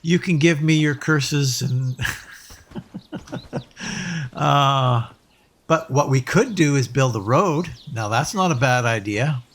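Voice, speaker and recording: A man's voice: mid-range voice, slow, long pauses, fairly bright tone. A man casually commenting as he plays a game, musing aloud with hesitant restarts. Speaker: let's play host.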